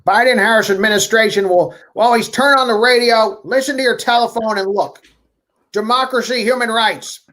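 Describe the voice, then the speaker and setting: Man playing an old politician impression: rambling, stammering, pitched well above his own voice. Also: pushed and bright. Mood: mocking. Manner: halting, stammering repetitions. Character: rambling older male politician, halting.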